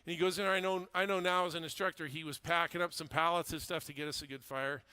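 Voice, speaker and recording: A man's voice: a little high, fairly even intonation, fast, bright, forceful tone, clean tone, no room sound. A middle-aged man, a fire officer and instructor, telling a story in a speech with earnest emphasis and repeated phrases.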